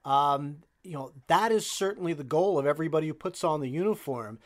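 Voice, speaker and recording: A man hosting a podcast interview, asking relaxed, curious questions. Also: on the high side, a little fast.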